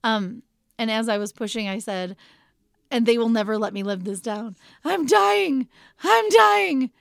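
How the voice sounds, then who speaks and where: A woman co-hosting a podcast in casual chat, telling a story with lively acted-out quotes. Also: mid-range voice, moderate pace, smooth, no room sound, studio quality. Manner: animated storyteller, acts out quotes. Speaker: podcast co-host.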